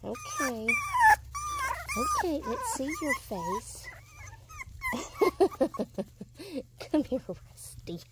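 High sing-song woman cooing at puppies. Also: huge pitch swings, unhurried, few pauses, heavy background noise. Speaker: dog breeder. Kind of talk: casual video narration. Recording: loud puppy whimpers behind. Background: puppies whimpering.

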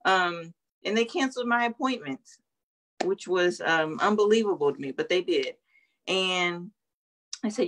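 A young woman with a low voice speaks over a video call. She is earnest and hesitant, with frequent ums, as she recounts her experience as an interview guest. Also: lively intonation, measured pace, fairly bright tone. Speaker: guest, nurse sharing her story. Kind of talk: emotional interview testimony.

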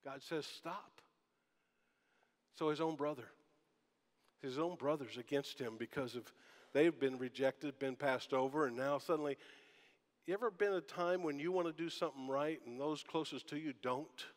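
A man's voice: fairly high pitch, moderate pace, pauses often. A man preaching a sermon as pastor, talking in a conversational way and asking the congregation rhetorical questions. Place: church sanctuary. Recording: long church hall reverb.

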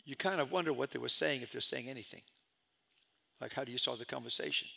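A middle-aged man preaching a storytelling sermon as pastor, swinging from loud calls to hushed asides. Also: mid-range voice, fast talker, creaky.

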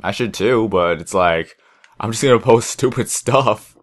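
Lowish and unhurried, this young man's voice carries his casual gaming commentary. He hosts the video over a headset, rambling in a laid-back manner while playing.

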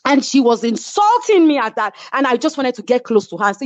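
A woman's voice: a little high, animated, fast, few pauses, darkish tone, no echo. A woman with a Nigerian accent, a reality show cast member telling her side in an interview, emphatic and checking that her listeners follow. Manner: emphatic, keeps asking "do you understand?". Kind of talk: animated storytelling in an interview. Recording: dull lo-fi sound.

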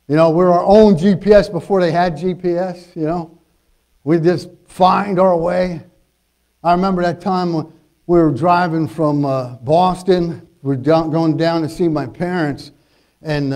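A male pastor preaching a sermon in a church, telling folksy, humorous stories and getting louder when he exhorts. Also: high voice. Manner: storytelling, folksy with humorous asides. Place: church sanctuary.

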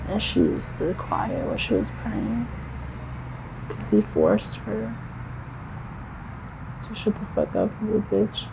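Man, 20s, interviewee: halting, repetitive storytelling, gravelly tone. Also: sits high, huge pitch swings, background noise. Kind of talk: street interview. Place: outdoors on a city street.

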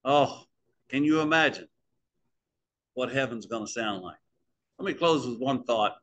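A man's voice: mid-range voice, animated, a little slow, a bit bright. A man preaching the close of a sermon in a small church, in a folksy storytelling way that speaks to the congregation as folks.

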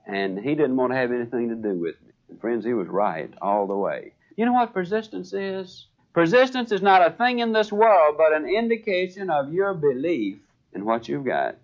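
Older sales trainer, lively high-pitched delivery, acts out the dialogue in his anecdotes, muffled lo-fi recording. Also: moderate pace, hardly any pauses. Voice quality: animated storyteller voicing dialogue. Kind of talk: motivational speech. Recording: dull lo-fi speech recording.

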